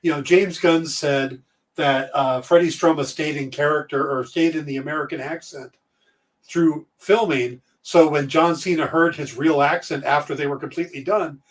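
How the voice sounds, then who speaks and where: A man with a fairly high voice joking and telling stories as a podcast co-host. He sits a bit back from the microphone, so he sounds somewhat distant. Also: steady tone, normal speed. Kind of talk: casual chat.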